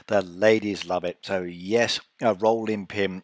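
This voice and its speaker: A man's voice: low-pitched, fairly even intonation, takes it slowly, few pauses, dry recording, clean studio sound. A man hosting a casual live stream, playful and teasing as he reads out the chat.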